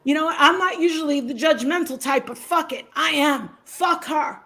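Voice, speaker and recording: A woman's voice: sits high, normal speed, bright, forceful tone. A woman commentator on a casual livestream, ranting with outrage and heavy swearing.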